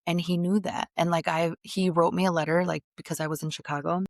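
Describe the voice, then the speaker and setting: A woman's voice: on the low side, little pitch movement, quick pace, vocal fry, no room sound, studio quality. A woman guest on a podcast, candidly telling a long personal story in blunt, slangy casual chat.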